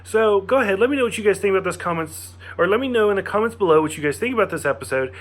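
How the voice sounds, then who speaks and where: A man's voice: sits high, lively intonation, rapid-fire. A man giving a casual, enthusiastic spoken review of a TV episode, talking with lots of fillers and restarts.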